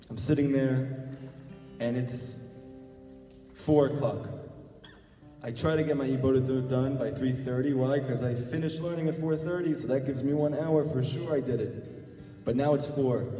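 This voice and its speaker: Man, rabbi, sermon storyteller; mellow, earnest, repetitive emphasis; distant roomy recording. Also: medium pitch, normal speed. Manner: earnest, repeats phrases for emphasis. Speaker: rabbi giving a talk. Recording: echoey hall, far from mic, faint guitar.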